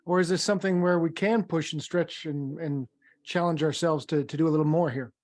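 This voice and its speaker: High-voiced male coach, friendly and encouraging, asks the group questions. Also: brisk, a little mellow. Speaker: leadership trainer. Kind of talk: facilitating a training call.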